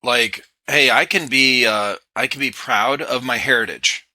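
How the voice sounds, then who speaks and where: A man's voice: medium pitch, unhurried, bright, forceful tone, no room sound. A man hosting a podcast, chatting in a blunt, laid-back, profane way. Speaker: podcast host. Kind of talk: casual chat.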